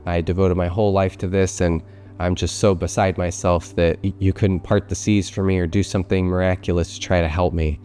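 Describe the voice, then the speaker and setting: Brief: stubborn devout preacher, low and mellow, told by a man. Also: fairly quick, natural voice. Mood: aggrieved. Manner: calm, stubborn. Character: stubborn devout male preacher, calmly refusing help.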